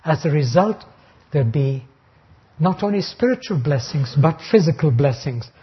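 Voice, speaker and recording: A man preaching an expository sermon, reading Bible verses slowly and then explaining them deliberately. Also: on the high side, animated, husky. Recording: dull lo-fi recording.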